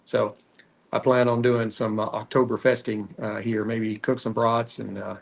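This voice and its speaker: A man with a Texan accent hosting a cigar podcast, rambling casually with frequent pauses while he smokes. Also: on the low side, little pitch movement, creaky. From Texas. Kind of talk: casual solo chat while smoking.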